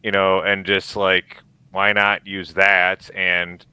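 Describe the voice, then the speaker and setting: A man guesting on a podcast from his home basement over a video call, easygoing and quick with short affirmations. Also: low-pitched, little pitch movement, pushed and bright, smooth, no room sound. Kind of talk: casual conversation.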